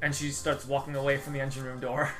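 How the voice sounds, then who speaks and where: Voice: mid-range voice, little pitch movement, fast, music in the background. A game master narrating a tabletop game scene, descriptive and often laughing. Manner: descriptive, laughs between lines.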